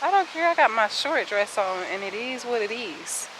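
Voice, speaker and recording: A woman's voice: mid-range voice, normal speed, background noise. A young woman in her twenties, a teacher answering viewer questions in a casual vlog, chatty and sassy, out of breath as she walks and talks outdoors with a handheld camera. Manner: chatty, sassy, addresses viewers as sis and y'all. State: out of breath while walking. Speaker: kindergarten teacher and vlogger. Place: outdoors, walking.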